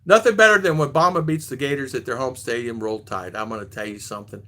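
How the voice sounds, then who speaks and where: A man's voice: mid-range voice, fast talker, bright, forceful tone, slight background noise. A man in his sixties from the United States, telling rambling stories in a casual vlog chat, often restarting and trailing off. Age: 60s. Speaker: vlogger.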